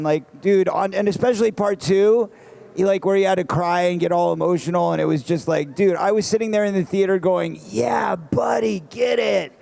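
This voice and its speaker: Excitable guy on a fan panel, gravelly and high, shouts now and then. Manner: animated storyteller, bursts into shouts. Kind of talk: casual panel chat. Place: convention panel stage.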